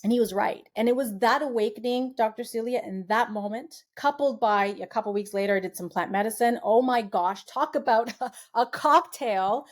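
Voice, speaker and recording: Woman telling a story with animated quotes. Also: on the high side, moderate pace, few pauses. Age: middle-aged. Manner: animated, acts out quoted voices. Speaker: guest. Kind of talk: conversational storytelling.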